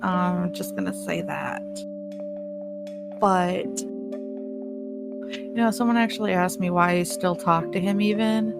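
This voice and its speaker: A woman's voice: lowish voice, slow, pauses often, music in the background. A woman hosting a solo podcast, ranting bluntly with heavy swearing and laughing at her own points. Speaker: podcast host. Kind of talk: casual solo podcast rant.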